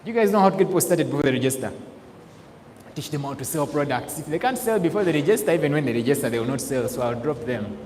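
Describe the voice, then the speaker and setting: A man giving a lively sales training talk, acting out laughs and quoted voices. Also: on the high side, fast talker, a little hiss or hum. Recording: echoey hall with faint ambience.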